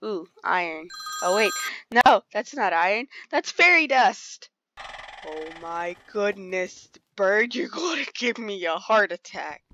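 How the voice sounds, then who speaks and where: A woman's voice: mid-range voice, big pitch swings, slow pace, pushed and bright, slight background noise. A woman giving casual, chatty commentary while playing a game, easily startled and talking to the animals around her. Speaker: gamer streaming play. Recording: dull lo-fi sound.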